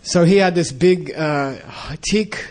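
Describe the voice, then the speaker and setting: A man's voice: a little high, slow pace, a little mellow. A man telling a casual, rambling story with lots of fillers and frequent laughs. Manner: rambling, many fillers and restarts, laughs often.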